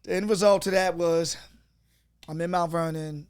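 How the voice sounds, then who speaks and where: A man guesting on a podcast, telling animated stories from his career in casual conversation. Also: on the high side, normal speed, smooth. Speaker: guest rapper. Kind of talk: casual interview storytelling.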